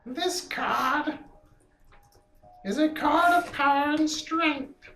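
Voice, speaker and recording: A woman voicing a solemn old female fortune-teller who reads cards in a slow, grave, portentous way. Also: sits high, a bit bright, echoey room, full character voice, rough recording.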